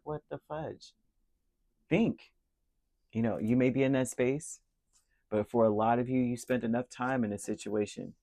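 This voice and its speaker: A man's voice: medium pitch, a little mellow, dry recording. Chatty man giving a tarot reading. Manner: chatty, laughs easily, drifts into asides. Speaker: tarot reader. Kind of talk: casual spoken tarot reading.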